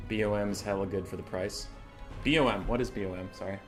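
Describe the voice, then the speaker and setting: A man casting a game tournament on a live stream, chatty and excitable, swearing casually and chuckling often. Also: lowish voice, fast talker, faint music behind.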